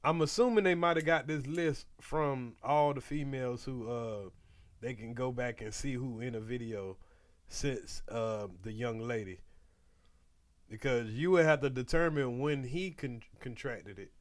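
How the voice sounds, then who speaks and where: A man's voice: mid-range voice, measured pace. A man hosting a reaction video, giving blunt, slangy commentary and warnings. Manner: blunt, preachy, slangy asides.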